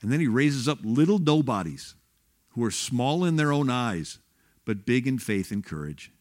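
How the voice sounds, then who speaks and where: A man's voice: medium pitch, very animated, moderate pace. Man giving a rambling church talk. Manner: rambling, restarts often, grows fervent. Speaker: guest speaker on church history. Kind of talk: sermon-style history talk.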